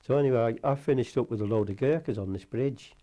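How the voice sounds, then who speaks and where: A man's voice: medium pitch, fast, dark tone. An older man, a war veteran, telling long stories in an interview with a rambling, salty way of talking. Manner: rambling anecdotal, salty, mild swearing. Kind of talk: casual storytelling interview.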